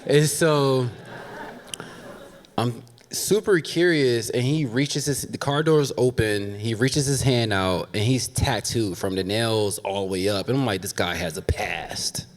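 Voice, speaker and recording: A man's voice: medium pitch, unhurried. Man telling a comic story in a hall. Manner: comic, candid, frequent laughing asides to the audience. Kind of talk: live personal storytelling on stage. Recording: long reverb of a stage hall.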